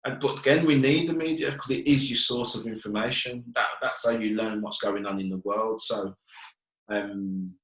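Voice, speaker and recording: A guest who runs a fitness business chats in a casual interview, his voice on the low side, steady and a bit bright at a moderate pace. The echoey room holds his Brummie accent from Birmingham, England, and his manner is earnest and frank, with a habit of asking "do you get what I mean."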